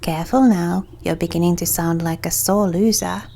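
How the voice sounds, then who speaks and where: A woman voicing a curious, teasing young woodland witch in a calm, dry way. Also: fairly low pitch, moderate pace, vocal fry.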